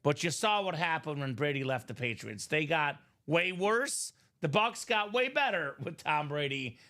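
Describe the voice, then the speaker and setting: Upbeat high-voiced salesy livestream host man. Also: expressive, normal speed, bright, forceful tone. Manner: upbeat, chatty, salesy, many "uh" fillers. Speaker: live card break host. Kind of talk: casual sales chat on a livestream.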